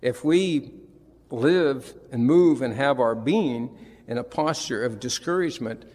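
A man's voice: mid-range voice, unhurried, a little mellow. A man preaching a sermon, retelling scripture with emphatic, rising and falling delivery. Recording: long reverb of a large hall.

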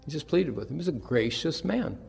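A man's voice: a little high, animated, a little fast, creaky, a little mellow, slightly rough. A man preaching a sermon, retelling scripture with emphatic, rising and falling delivery. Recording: long reverb of a large hall.

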